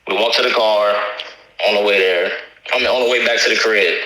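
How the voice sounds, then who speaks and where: A man's voice: lowish voice, steady tone, fairly quick, pushed and bright, echoey room, low-quality recording. A man calling in, telling a long story about his girlfriend in a rambling, profane, casual way. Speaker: caller.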